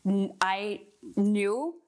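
Dramatic, animated young actress guest. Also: female voice, medium pitch, drawn-out words. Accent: Canadian. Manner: animated, dramatic storyteller, acts out quotes. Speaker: community theatre actor, guest. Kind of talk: casual podcast interview.

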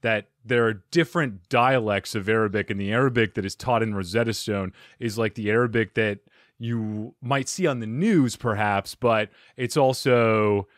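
A man's voice: on the low side, moderate pace, few pauses, no room sound, studio quality. A man hosting a podcast interview, chatty and self-deprecating, joking with his guest. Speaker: podcast host. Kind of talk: casual interview chat.

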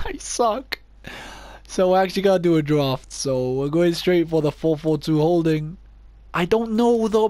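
A man's voice: a little high, darkish tone, dry recording. A young man giving casual gameplay commentary, thinking aloud and poking fun at himself. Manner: chatty, thinks aloud, self-mocking. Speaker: gaming YouTuber.

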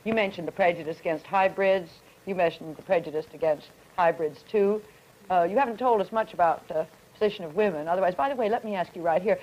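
A woman moderating a panel discussion with brisk, poised questions, in the style of a 1950s broadcast. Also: lowish voice, a little mellow. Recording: dull lo-fi vintage broadcast.

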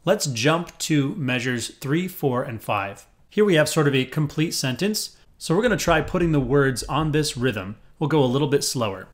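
A man teaching a rhythm-reading lesson, explaining clearly and patiently and chanting counts and rhythm syllables. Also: mid-range voice, moderate pace. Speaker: music teacher.

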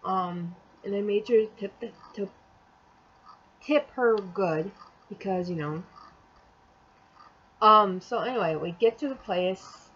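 A woman's voice: medium pitch, highs cut off, a little hiss or hum. A young adult woman telling a storytime vlog in casual chat, rambling and exasperated, acting out the quotes as she goes. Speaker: vlogger.

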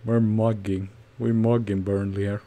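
Gravelly, slow-talking male game streamer. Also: on the low side. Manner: nervous, excitable play-by-play with outbursts. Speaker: gaming streamer. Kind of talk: casual game commentary.

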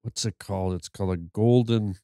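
A man telling a long story on a podcast, animated and full of stammered restarts. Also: fairly low pitch, fairly quick, clear, resonant tone, no room sound, studio quality. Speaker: podcast guest. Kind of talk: storytelling in casual chat.

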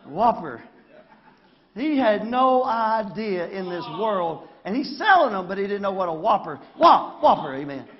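His voice sits high with big pitch swings, moving at normal speed with hardly any pauses. This Arkansas pastor with a Southern accent preaches a folksy sermon in a church sanctuary, often seeking an amen, in a muffled recording.

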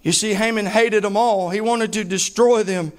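Male pastor, high-pitched, fervent repetitive sermon delivery. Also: steady tone, moderate pace. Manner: fervent, emphatic preaching with heavy repetition.

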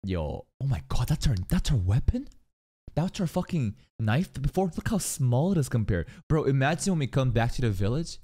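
Excitable young man reacting to anime. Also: medium pitch, normal speed. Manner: excitable, swears a lot, talks to the screen. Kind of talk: casual reaction commentary.

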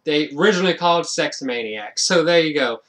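A man's voice: a little high, lively intonation, brisk, fairly bright tone. A man giving a casual, rambling film review, with lots of fillers and restarts and frequent amused laughs.

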